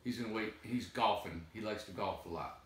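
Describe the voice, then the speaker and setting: A man's voice: fairly low pitch, fairly quick, a little hiss or hum. A man hosting a casual live chat, playful and teasing, with theatrical mock complaints. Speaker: tiny home builder and show host. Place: large warehouse. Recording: echoey warehouse, far from mic.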